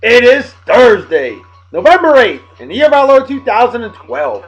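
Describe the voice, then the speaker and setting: A middle-aged man hosts a casual vlog, upbeat, jokey and hammy as he gives shout-outs. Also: very high-pitched, very animated, normal speed, creaky, breathy edge, low-quality recording. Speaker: vlog host.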